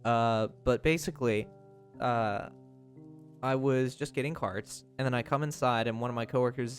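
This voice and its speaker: A man's voice: mid-range voice, moderate pace, soft background music. A young man livestreaming, telling a story in casual chat, rambling with lots of fillers and restarts.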